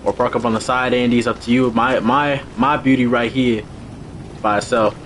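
A young man hosting a live car meet stream, talking casually and excitedly, often repeating short commands and laughing quickly. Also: mid-range voice, slight background noise. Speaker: livestream host running a car meet. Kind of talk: casual live game commentary.

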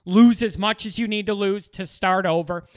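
A man's voice: sits high, normal speed. A man delivering an exasperated, opinionated sports rant as a commentator, repeating phrases for emphasis.

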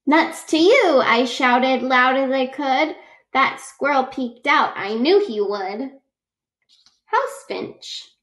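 A woman's voice: high voice, slow pace, fairly bright tone. A woman reading a children's picture book aloud, patiently explaining facts and adding personal asides. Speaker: read-aloud reader.

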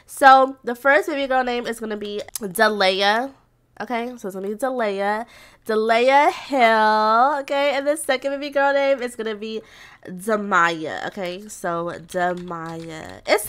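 A young woman casually commentating a life-simulation game as channel host, chatty and excitable, often laughing. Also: a little high, normal speed, smooth. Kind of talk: casual let's-play commentary.

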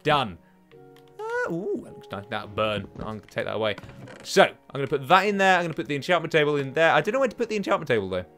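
A man's voice: fairly high pitch, sing-song, very fast, a bit bright, soft background music. A young man hosting a let's play from home, rambling to himself and taunting enemies as he plays. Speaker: gaming channel host. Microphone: desk microphone.

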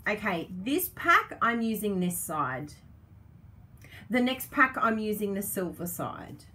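Gushing, lively woman chatting on a live stream. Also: on the high side. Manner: gushing, excitable, chatty with viewers. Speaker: craft product demonstrator. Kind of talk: live-stream unboxing chat.

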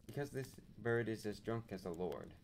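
A man's voice: lowish voice, lively intonation, moderate pace, darkish tone, a little hiss or hum. A man voicing a polite, precise young manservant in a storybook reading, deferential and formal.

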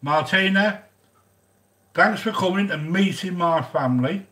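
A man's voice: high-pitched, a little slow, pushed and bright. A man chatting casually while hosting a cooking vlog, rambling and joking and greeting viewers by name. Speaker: cooking channel host.

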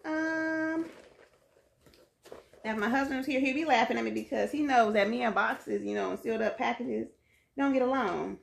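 A woman's voice: a little high, normal speed, vocal fry. A woman from Chicago chatting playfully to viewers while unboxing and tasting cookies at home. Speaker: food vlogger. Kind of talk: casual unboxing and tasting vlog. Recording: echoey room with faint noise.

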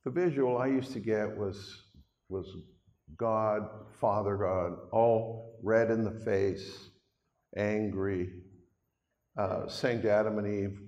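A man's voice: fairly low pitch, a little slow, a little mellow, highs cut off. An older man preaching a sermon to a congregation in a chatty, folksy way, with asides to the listeners. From Canada. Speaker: pastor. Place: church hall. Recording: long reverb of a hall.

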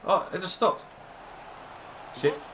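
A young man swearing, laughing and yelling through his own gameplay commentary. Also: high-pitched, slow. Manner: sweary, yells and laughs at the match. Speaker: gaming video creator.

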